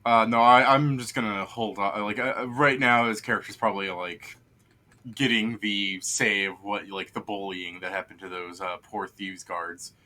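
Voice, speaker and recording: A man's voice: on the low side, fairly even intonation, normal speed, sharp tone. Hesitant man running a tabletop game. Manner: rambling, hesitant, many fillers. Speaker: game master. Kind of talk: casual narration of a tabletop game.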